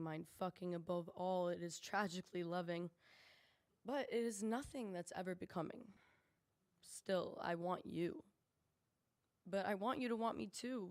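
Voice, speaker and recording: A woman reading a rhymed spoken word poem on a poetry cafe stage, earnest and measured. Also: medium pitch. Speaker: open mic poet.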